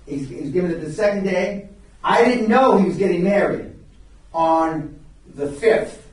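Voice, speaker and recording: An older man speaks with a fairly high voice, telling blunt, profane stories to a seminar room and often breaking off to restart his sentences. He is captured from a distance, and the room's strong echo rings around every line. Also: lively intonation, a little slow, a little mellow. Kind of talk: live seminar storytelling. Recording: very echoey room, recorded from far off.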